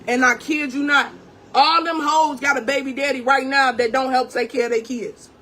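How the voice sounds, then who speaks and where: A woman's voice: high voice, steady tone, normal speed, pushed and bright, slight background noise. A young woman in an angry storytime rant, profane and confrontational, talking straight to her viewers. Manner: calls viewers "gang", talks straight to them. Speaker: vlogger.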